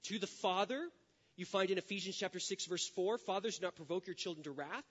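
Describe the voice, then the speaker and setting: A middle-aged man preaching a sermon, his voice sitting a little high for a man. He tells stories with animated energy and swings between loud, lively bursts and quiet, earnest stretches. The recording is dull and lo-fi. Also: fairly quick, husky. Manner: animated storytelling, acting out quoted voices. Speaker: pastor. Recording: dull lo-fi sound.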